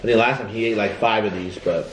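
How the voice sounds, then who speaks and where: A man's voice: fairly low pitch, steady tone, a little fast, echoey room, noisy background. A man, a father and vlog host, chatting casually while eating at home. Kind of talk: casual mukbang chat. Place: family home at the dining table.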